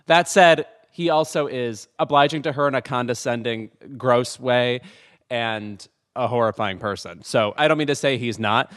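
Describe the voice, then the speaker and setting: A man's voice: mid-range voice, normal speed, a bit bright, clean tone. A man chatting casually as a panelist, telling wry stories and acting out quotes. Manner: wry storytelling, acts out quotes. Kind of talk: casual chat.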